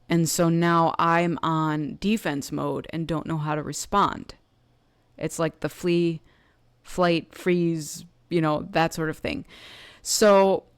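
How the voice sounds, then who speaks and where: Low-voiced, smooth woman reading tarot. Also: dry recording, studio quality. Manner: chatty, filler-heavy, slips into acting out quoted thoughts. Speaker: tarot card reader. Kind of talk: casual tarot love reading.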